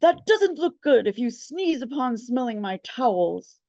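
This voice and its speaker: Woman as a prim, formal clerk, high and lively, slow and haughty. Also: no echo. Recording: dull, dry sound.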